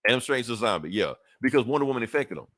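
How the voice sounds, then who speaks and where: With a mid-range, slightly bright voice and lively intonation, a man races through a casual comic book recap on a podcast he co-hosts. The clean studio audio has no echo; he swears freely and performs characters' lines, laughing.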